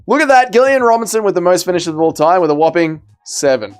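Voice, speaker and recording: A man hosts a fight-night watch party stream, chatting casually with his viewers and cursing freely as he reads their messages. His voice sits a bit high and comes through smooth and clear. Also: fast talker, faint music behind. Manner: bantering, reads out chat messages, swears freely. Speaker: livestream host. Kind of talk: casual livestream chat reacting to fights.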